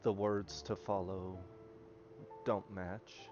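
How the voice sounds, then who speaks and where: A man narrating his character's actions in a tabletop game, measured and descriptive. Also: low voice, level tone. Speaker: player. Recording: muffled lo-fi with music behind.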